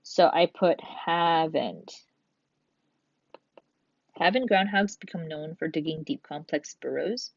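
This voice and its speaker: A woman's voice: lowish voice, unhurried, gravelly, long pauses, dry recording. Patient woman teacher, dull dry audio. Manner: patient, explains step by step, reads examples aloud. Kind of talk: recorded grammar lesson.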